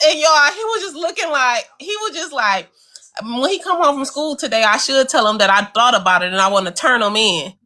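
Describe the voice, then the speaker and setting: A woman co-hosting a casual talk show tells a story animatedly, her voice high and a little fast. She talks straight to listeners, calling them y'all, and acts out the voices of the people in her story.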